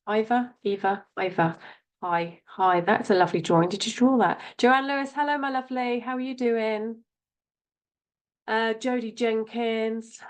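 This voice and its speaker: A woman hosting a live psychic stream, chatting warmly and greeting viewers by name, often calling them "my lovely". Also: medium pitch, clean tone. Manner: warm, chatty, reads out viewer names with endearments. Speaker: psychic show host.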